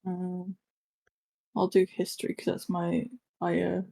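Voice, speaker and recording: A woman's voice: fairly low pitch, completely flat delivery, measured pace, creaky, warm tone. A woman playing a tabletop game, chatting in a casual, playful way. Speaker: player.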